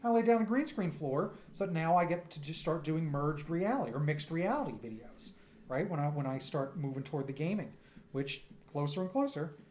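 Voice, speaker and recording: A man casually chatting while hosting an art livestream, rambling with halting restarts. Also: a little high, expressive, a little mellow. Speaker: livestream artist host.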